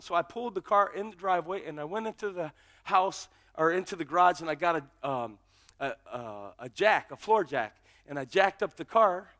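High, bright-voiced man preaching. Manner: storytelling, builds to shouted preaching. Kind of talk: testimony sermon.

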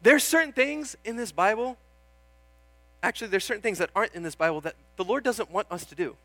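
A man's voice: high voice, brisk, sharp tone, no echo, faint music behind. A young man preaching a sermon in an earnest, chatty way, often calling out "Amen?" and joking about himself. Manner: self-deprecating, laughs at himself.

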